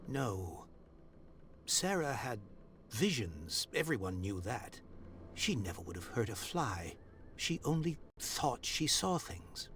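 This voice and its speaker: A man voicing an elderly, grieving industrialist in a video game, speaking slowly and gravely as he pleads for help. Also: mid-range voice, sing-song, fairly bright tone, a little hiss or hum. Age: older.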